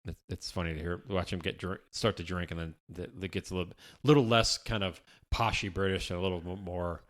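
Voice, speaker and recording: A man's voice: low-pitched, fairly even intonation, fairly quick, a bit bright. A man co-hosting a podcast in an office, chatting casually and rambling with lots of restarts and the odd swear. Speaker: podcast co-host. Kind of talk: casual chat.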